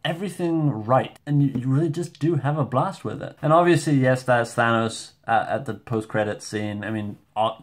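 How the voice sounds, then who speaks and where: A man reviewing a movie in a casual vlog at home, rambling, excitable and self-deprecating. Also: mid-range voice, normal speed, hardly any pauses. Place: home room with shelves.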